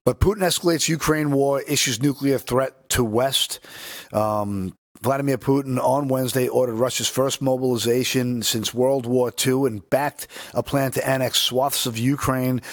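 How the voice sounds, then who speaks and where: A man's voice: medium pitch, steady tone, moderate pace, dry recording. A man co-hosting a political talk show, reading news aloud and rambling in casual commentary.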